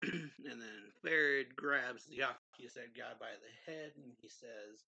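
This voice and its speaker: A young adult man hosting a casual manga review, rambling through the chapter and leaning on "like" constantly. His voice is very bright and crisp. The sound is dry and close, with no room to it. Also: medium pitch, slow, no room sound, poor audio. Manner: rambling, heavy use of "like".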